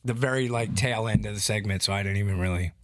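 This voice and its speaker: A man co-hosting a casual chat, telling stories in a loose, profane, animated way. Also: fairly low pitch, fast, no echo, clean studio sound. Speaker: podcast co-host.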